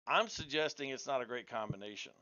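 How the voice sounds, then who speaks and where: A man's voice: medium pitch, fast, pushed and bright. A man in a heated casual debate, blunt and combative, talking over the others. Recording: dull lo-fi audio.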